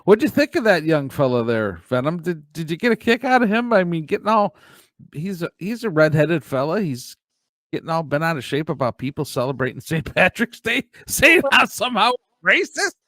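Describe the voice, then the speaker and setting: A man's voice: on the high side, very animated, moderate pace, pushed and bright, no room sound, clean studio sound. A man hosting a comedy morning show, teasing his co-host and chuckling often.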